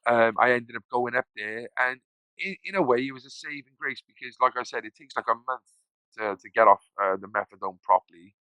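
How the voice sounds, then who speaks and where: A man's voice: mid-range voice, brisk, pushed and bright, dry recording, poor audio. A man, a podcast guest telling his story casually, rambling, swearing freely and acting out the voices of people he quotes.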